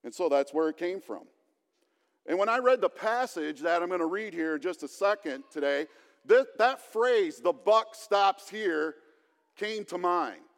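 A man's voice: high voice, animated, moderate pace. A male pastor giving a conversational sermon with light humor, in a church hall.

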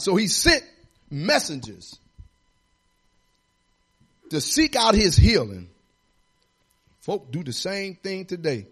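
A man's voice: sits high, sing-song, slow, pauses often, fairly bright tone, breathy edge. A man pastor preaching a sermon in a folksy, repetitive, exhorting way, building emphasis as he goes.

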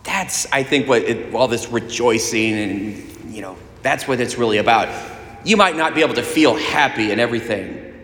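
A man giving a conversational sermon, casual and animated, often restarting his phrases. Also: mid-range voice, moderate pace. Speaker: preacher. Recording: echoey room with long reverb.

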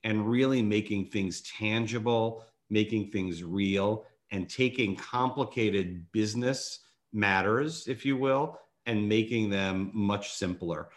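Brief: man, podcast host, lower pitch, easygoing and jokey, lots of ums. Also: slow pace. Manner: jokey, many fillers and restarts. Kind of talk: casual interview chat.

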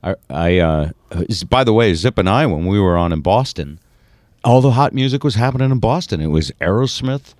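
A man hosting a casual podcast chat, chatty and teasing, quick to laugh. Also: fairly low pitch, expressive, darkish tone, no echo, clean studio sound. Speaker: host.

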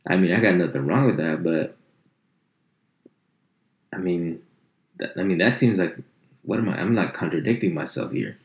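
A man's voice: moderate pace, pauses often, roomy sound, dull audio. A man ranting in a comic, profane way, swearing constantly and jumping into mocking voices. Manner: animated, swears constantly, jumps into high mock voices. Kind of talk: profane comedic rant.

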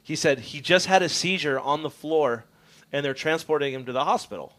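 On a radio show in the studio, a man casually tells a long road-trip story, animated and swearing freely as he voices what others said. His voice is on the high side and a little fast.

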